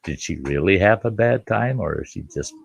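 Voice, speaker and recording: A man's voice: deep voice, animated, normal speed, vocal fry, slightly rough. An older man hosting a casual live chat, telling blunt, folksy stories with casual swearing and laughter.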